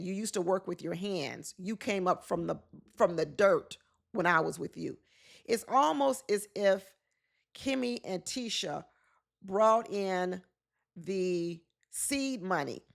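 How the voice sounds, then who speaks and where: A woman talks through a reality show episode in casual, opinionated commentary. Her voice has a gravelly, creaky texture at a middle pitch. She often slips into the words of the people she discusses. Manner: opinionated, acts out quotes of cast members.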